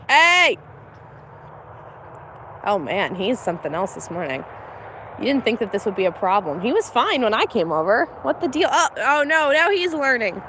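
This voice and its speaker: A woman's voice: sits high, a bit bright. A young woman chatting casually on a farm livestream, laughing often and talking to her animals outdoors. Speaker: homestead livestreamer. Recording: faint outdoor noise.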